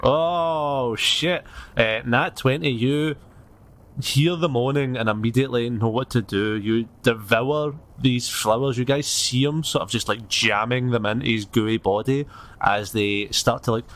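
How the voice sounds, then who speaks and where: Relaxed man running the game. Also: medium pitch, a little slow. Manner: relaxed, hesitant with frequent ums. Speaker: game master. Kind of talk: narrating a tabletop game.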